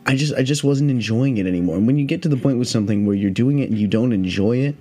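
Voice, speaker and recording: A man's voice: mid-range voice, fast, dark tone, soft background music. A man hosting a casual solo podcast, rambling and swearing, with lots of "like" fillers. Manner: rambling, profane, heavy on "like" fillers. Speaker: podcast host.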